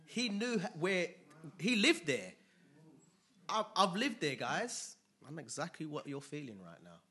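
A man preaching a sermon in a conversational way, dropping to quiet asides and rising to loud emphatic bursts. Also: a little high, big pitch swings, a little slow, breathy edge.

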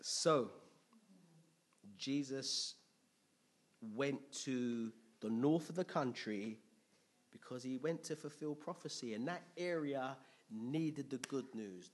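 Slow-speaking male preacher. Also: medium pitch. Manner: slow, repetitive, bursts into loud excited exclamations; laughs often, digresses into personal testimony. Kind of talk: Bible teaching sermon.

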